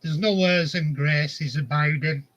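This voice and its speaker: A man's voice: fairly high pitch, fairly even intonation, a little slow, a bit bright, muffled recording. A man, casually telling rambling anecdotes and chuckling often. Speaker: vlogger. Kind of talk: casual storytelling.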